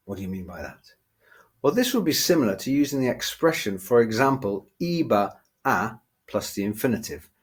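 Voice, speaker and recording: A man teaching a grammar lesson to camera, explaining step by step and slowing down to spell out examples. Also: mid-range voice, slightly rough. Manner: measured, explanatory, slows down for examples.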